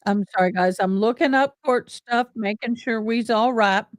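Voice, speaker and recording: A woman's voice: a little high, moderate pace, no echo, clean studio sound. Chatty woman livestream host. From Missouri. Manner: chatty, rambling, folksy. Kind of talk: casual livestream chat.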